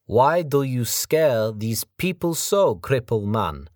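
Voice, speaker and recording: A man voicing a huge, brash Mongolian enforcer who speaks slow, broken English with a mocking edge. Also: medium pitch, sing-song, a little mellow, no echo, clean studio sound, voice pushed up.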